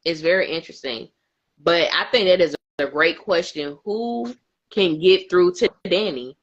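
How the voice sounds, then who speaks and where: A woman co-hosting a casual aftershow chat, animated and emphatic, who often laughs mid-sentence. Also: on the low side, a little slow, lo-fi sound. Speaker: co-host.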